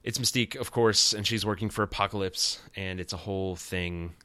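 A low-pitched man hosts a podcast in a loose, rambling recap style. His tone is forceful and crisp, with wry, sarcastic asides. The recording is close and dry. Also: fairly even intonation, brisk, no room sound. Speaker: podcast host. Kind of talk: casual comic recap.

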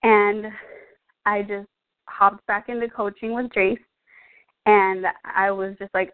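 A young woman talks through her own story as a coach, earnest and close to tears, with lots of "like" and "um". Her voice sits at a middle pitch. It comes through thin and tinny, like a phone line. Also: little pitch movement, slow, pauses often, clear, resonant tone. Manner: earnest, emotional, fillers like "like" and "um". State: out of breath. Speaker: fitness coach. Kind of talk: personal testimonial.

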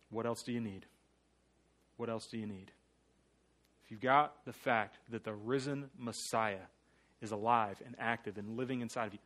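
A man preaching a guest sermon to a congregation, shifting between hushed earnest appeals and loud rallying calls, with playful jokey asides. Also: medium pitch. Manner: swings from hushed earnest pleading to loud rallying call-and-response.

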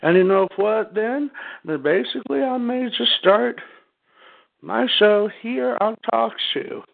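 A man chatting casually as a guest co-host, agreeable and slow-spoken. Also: high-pitched, creaky. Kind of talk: casual chat. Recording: tinny phone line.

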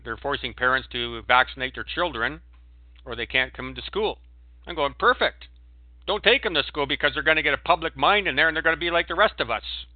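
A man giving a preachy, emphatic monologue as a guest on a call-in show, breaking into sudden loud outbursts. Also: medium pitch, no echo. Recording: tinny phone line, dry.

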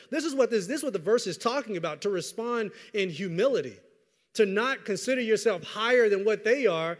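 High-voiced preacher in a reverberant hall. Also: male voice, a little fast. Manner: lively, conversational preaching with repetitions and asides. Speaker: pastor. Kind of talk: sermon.

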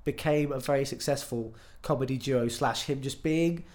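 A man joins a podcast as a musician guest, trading quick, teasing jokes in a loose conversation. His talk is relaxed and dry-witted. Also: mid-range voice. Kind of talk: casual chat.

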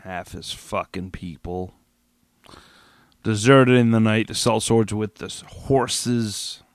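The sound is clean studio audio with no echo as a man with a fairly low voice takes it slowly. He is a podcast host ranting solo about a TV finale, agitated, profane, rambling with many restarts, and slightly tipsy.

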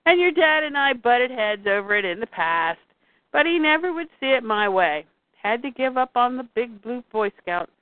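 A woman's voice: on the high side, very animated, moderate pace, no echo. A woman reading aloud from a comic, voicing a smug, menacing male vigilante leader. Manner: read aloud from a comic, lightly voiced. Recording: dry, tinny phone-like sound.

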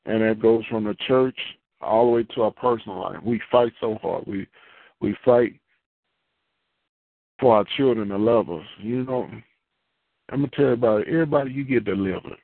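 A man's voice: fairly low pitch, normal speed, no room sound. A man preaching in a loose, conversational way, repeating phrases and building into fervent prayer. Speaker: pastor. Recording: tinny phone-line radio audio.

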